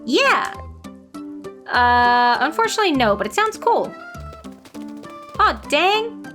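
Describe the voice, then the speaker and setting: A woman voicing an eager, bubbly young girl, pitched up high. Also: sing-song, slow pace, over music, exaggerated voice. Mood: excited.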